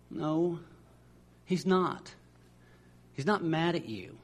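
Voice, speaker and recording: Male pastor, husky and fairly high, chatty sermon that stumbles and restarts, acts out the voices in his stories. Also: expressive, takes it slowly, long pauses. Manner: conversational, repeats words as he restarts phrases.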